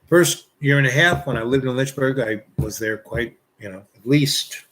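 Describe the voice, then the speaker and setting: A man's voice: mid-range voice, normal speed, fairly bright tone, slight background noise. Rambling man telling an anecdote. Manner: rambling, full of "you know" fillers and restarts. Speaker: storyteller. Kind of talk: casual spoken anecdote.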